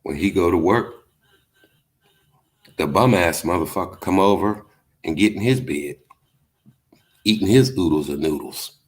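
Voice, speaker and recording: A man hosting a livestream, chatting casually, telling stories and reading comments, laid-back and profane with lots of filler words. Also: sits low. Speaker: livestream host.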